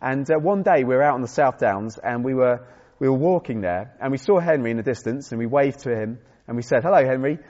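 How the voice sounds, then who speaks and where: A man's voice: mid-range voice, animated, a little fast, a little mellow. A man preaching a conversational sermon with self-deprecating humor and frequent restarts. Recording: dull sound in a reverberant hall.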